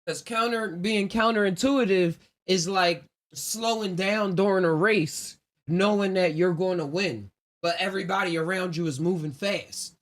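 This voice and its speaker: An unhurried man with a high-pitched, fairly bright voice hosts his own podcast live. Alone on the stream, he talks in a loose, rambling, reflective way and laughs frequently.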